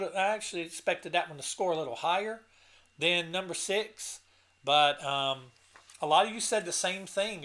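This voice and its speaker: A man with a bright, fairly high voice talks in a casual, rambling way, earnest and full of enthusiasm. He sounds emotional at times, close to being choked up, and he often breaks off and restarts his sentences. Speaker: channel host reviewing an album. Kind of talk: casual talk to camera.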